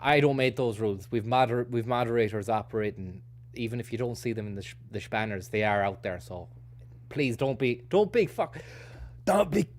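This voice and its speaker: A man's voice: on the low side, fairly quick. A man hosting a stream, rambling through casual, self-mocking commentary with sweary asides. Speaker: streamer host.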